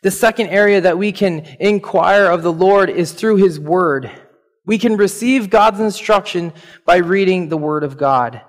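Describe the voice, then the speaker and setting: A man with a high voice delivers a sermon as pastor. He is animated, climbs to emphatic peaks and chuckles between points. His words ring through a church hall with a long reverb. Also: a little slow.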